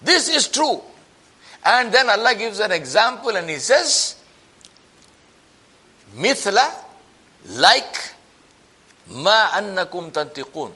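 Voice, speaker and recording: A man preaching a sermon as a story, acting out the people in it with lively shifts of voice. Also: takes it slowly, pauses often, slightly rough. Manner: animated, acts out quoted voices with rising pitch.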